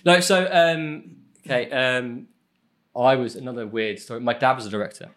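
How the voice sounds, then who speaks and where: A man's voice: medium pitch, normal speed, a bit bright. Brief: man in his 30s, podcast guest, loose rambling storyteller, self-mocking, swears casually. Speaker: guest, film editor.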